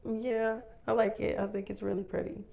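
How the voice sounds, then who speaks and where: A gushing, excitable young woman who raves over everything, as a storyteller puts her on. Her voice sits noticeably higher and brighter than the teller's own low tone. She sounds breathless with delight. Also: moderate pace, gravelly. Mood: pleased.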